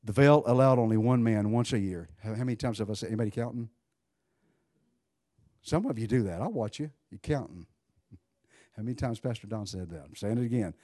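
A man preaching a sermon in an animated, conversational way, swinging between loud bursts and hushed asides while joking with his congregation. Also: lowish voice, a little fast, long pauses, no echo, studio quality. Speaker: pastor.

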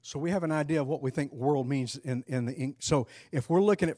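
Man teaching a Bible class, mellow voice. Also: on the high side, a little fast, few pauses, no echo, studio quality. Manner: conversational, quizzes the class, frequent restarts.

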